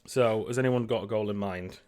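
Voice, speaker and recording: A man's voice: fairly low pitch, a little fast, a little mellow, clear, resonant tone. A man running a tabletop game as game master, upbeat and chatty, laughing often, on a home voice-call mic.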